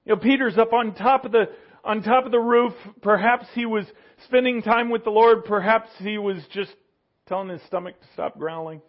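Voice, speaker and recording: A man's voice: high-pitched, normal speed, muffled recording. A man preaching a conversational sermon, leaning on asides and rhetorical questions to his listeners. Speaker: pastor.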